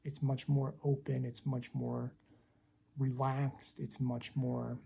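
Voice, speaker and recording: A woman giving a slow, reflective spiritual teaching talk, deliberate and repeating phrases for emphasis. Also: rumbling low, little pitch movement, vocal fry, dark tone, slight background noise.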